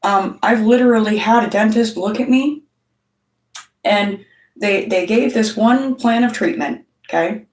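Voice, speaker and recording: Far from the mic, a middle-aged woman host speaks at a medium pitch, a little slowly, in a darkish tone. She tells a blunt, casual story straight to camera, swearing a lot and acting out what others said. The audio is roomy and off-mic.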